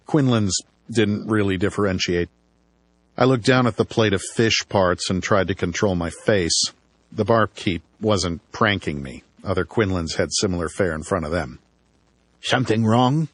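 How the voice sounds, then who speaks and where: A man's voice: on the low side, no room sound. A man narrating a first-person audiobook with dry, wry storytelling.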